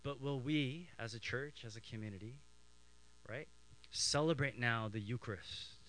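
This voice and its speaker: A middle-aged man from Canada preaching a sermon, telling childhood stories in an animated way and acting out family voices. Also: medium pitch, normal speed, low-quality recording. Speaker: pastor.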